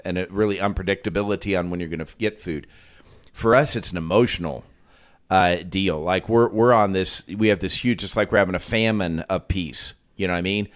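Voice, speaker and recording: A man co-hosting a casual Bible discussion, thinking aloud with many restarts and acting out quoted lines. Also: low voice. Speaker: podcast co-host.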